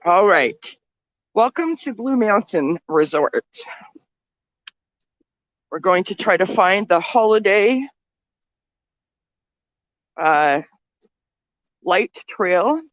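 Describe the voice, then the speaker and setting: A woman's voice: mid-range voice, lively intonation, very slow, pauses often, no room sound, rough recording. A woman vlogging on a handheld phone as she walks outdoors through a snowy ski resort village, out of breath and talking chattily to her viewers as friends. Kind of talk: walking vlog.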